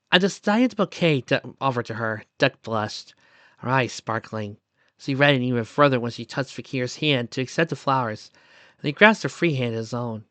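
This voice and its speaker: A man reading fan fiction aloud as narrator, in a soft, steady storytelling voice. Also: mid-range voice, moderate pace, no room sound.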